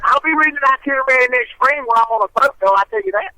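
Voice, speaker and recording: A man's voice: extremely high pitch, lively intonation, very fast, bright, forceful tone, low-quality recording. A man, a guest on the phone, teasing and bragging in a drawl. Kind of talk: joking phone chat. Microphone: phone line.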